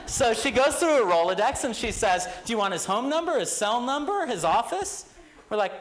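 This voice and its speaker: A young man, a guest lecturer, telling a story to a university class with lively quoted voices. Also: sits high, normal speed, slight background noise, rough recording. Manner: animated anecdote with quoted voices. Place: lecture hall.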